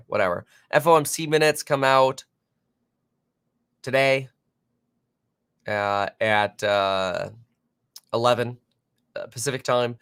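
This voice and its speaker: A man's voice: mid-range voice, fairly bright tone, smooth, no echo, studio quality. Rambling man hosting live market commentary. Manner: rambling, off-the-cuff, reacts to chat and headlines; many fillers and self-corrections. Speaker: finance livestream host.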